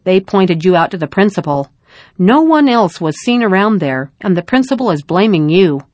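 A woman's voice: mid-range voice, very animated, normal speed, a little mellow, no echo, lightly acted. A woman voicing a serious middle-aged male band teacher who speaks firmly. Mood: stern. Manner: firm, serious questioning.

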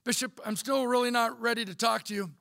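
A man's voice: very high-pitched, steady tone, brisk, creaky, pushed and bright, no echo, studio quality, pitched above the performer's own voice, exaggerated voice. A man voicing a laid-back, blunt young man who has drifted away from church, talking in an offhand, shrugging way.

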